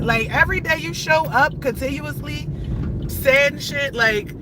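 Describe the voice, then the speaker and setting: Driving her car, a woman in her thirties unleashes an angry live-stream rant, cursing at her viewers over faint car noise. She has a high voice and keeps a measured pace.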